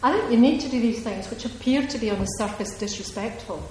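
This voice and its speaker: Taking audience questions at a reading, a woman author from Ayrshire in Scotland chats and wanders off on tangents, often laughing. She speaks a little high, at a quick pace, with a slightly mellow tone, in an echoey hall with faint noise.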